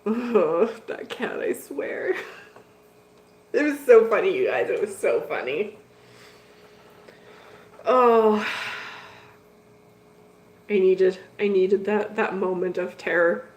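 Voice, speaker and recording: A woman's voice: medium pitch, animated, takes it slowly, long pauses. A middle-aged woman, host of a hobby channel, chatting casually with viewers as she tells a story, laughing often. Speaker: betta fish channel host. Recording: echoey room.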